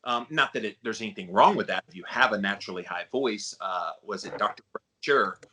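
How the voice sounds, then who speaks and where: Chatty bright-voiced male podcast host. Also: fairly quick, slight background noise. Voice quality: baritone voice. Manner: chatty, rambling, with frequent fillers. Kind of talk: casual podcast interview.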